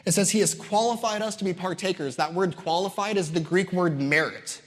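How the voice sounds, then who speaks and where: A man's voice: high-pitched, a little fast. A man preaching a sermon, emphatic and building his points through repetition, with casual asides to the congregation. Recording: long hall reverb.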